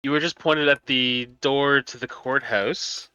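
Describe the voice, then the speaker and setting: Bright, crisp-voiced game master, man. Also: mid-range voice, fairly even intonation, measured pace, no echo, dull audio. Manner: laid-back, chatty, laughs easily. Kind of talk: casual chat running a tabletop game.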